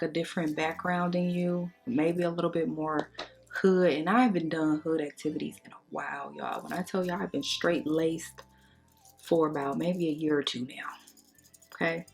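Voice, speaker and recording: Young beauty vlogger, low-pitched and chatty, storytime over makeup, faint music bed. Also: female voice, husky. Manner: chatty, gossipy, slangy and expressive. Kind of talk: casual storytime during a makeup tutorial.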